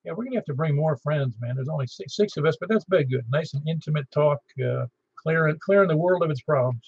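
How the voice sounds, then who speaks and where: A man's voice: a little high, fast talker, a little mellow, slightly rough. A man hosting a ham radio net in a chatty, easygoing way. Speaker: net control host. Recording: muffled radio audio.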